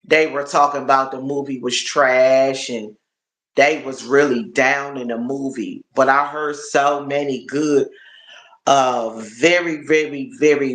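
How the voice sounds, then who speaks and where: A man's voice: mid-range voice, steady tone, takes it slowly, fairly bright tone. A man chatting casually on a live stream, rambling and repeating his words as he talks to viewers. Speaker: livestreamer. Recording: roomy echo.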